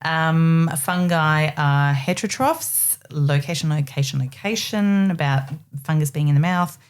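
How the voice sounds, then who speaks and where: A woman on a casual panel chat, a jokey panelist who is quick with quips and here recaps a list of facts. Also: low voice, clear, resonant tone.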